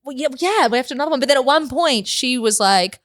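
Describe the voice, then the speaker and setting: A high-pitched woman chatting as a podcast guest. She rambles in an animated way, keeps restarting her sentences and breaks into laughter often. Her voice sits well above the usual range for a woman. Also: quick pace, dry recording. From New Zealand. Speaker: guest comedian. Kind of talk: casual podcast chat.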